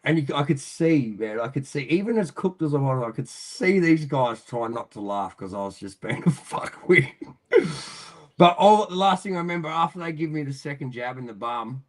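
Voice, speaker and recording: A man's voice: on the high side, expressive, moderate pace. An Australian man, a podcast guest telling a long story in casual, rambling fashion, full of swearing and frequent laughter. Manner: profane, rambling, laughs often.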